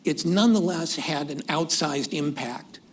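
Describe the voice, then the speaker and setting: A man speaking as a panelist at a policy discussion, measured and deliberate, with occasional restarts. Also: fairly high pitch, husky. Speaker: panelist, former senior government official. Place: conference hall event.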